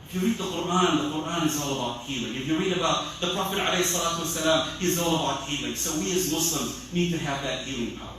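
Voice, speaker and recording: A man preaching a sermon as an imam, animated, acting out scolding voices of other people. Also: a little high, fast talker, few pauses, distant mic, a little hiss or hum. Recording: echoey hall, voice from off-mic.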